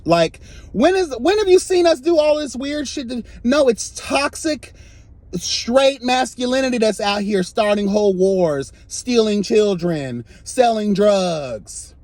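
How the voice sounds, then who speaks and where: A man giving an impassioned, sassy commentary rant, swinging between soft asides and loud emphatic outbursts. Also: extremely high pitch, lively intonation, unhurried, no echo.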